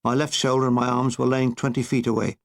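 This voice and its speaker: A man's voice: medium pitch, level tone, fast talker, gravelly. A man narrating his own war memoir as an audiobook, in a dry, wry storytelling manner.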